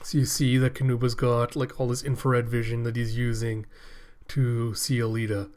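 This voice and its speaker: A man hosting a casual reaction video, retelling a comic in a chatty, paraphrasing way with quick asides. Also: mid-range voice, flat delivery, darkish tone.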